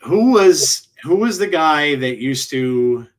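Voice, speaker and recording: A man's voice: on the high side, expressive, takes it slowly. A man co-hosting a wrestling podcast, chatting casually and telling rambling stories with restarts and laughs. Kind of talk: casual chat.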